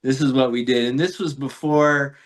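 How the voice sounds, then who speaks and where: A man in a podcast interview recounts his experiences in a loose, rambling way, full of fillers and little laughs. His voice sits at an ordinary middle pitch for a man, and his delivery is reflective and unhurried. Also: fairly even intonation. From Florida. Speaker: podcast guest. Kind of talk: casual storytelling in a spiritual interview.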